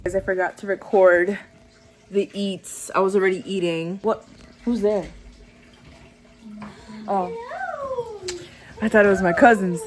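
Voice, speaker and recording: Slow-talking playful young woman vlogger. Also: medium pitch, steady tone, a little mellow. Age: 20s. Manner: playful, slangy, laughing. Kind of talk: casual vlog chat. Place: family home at Christmas. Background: background music.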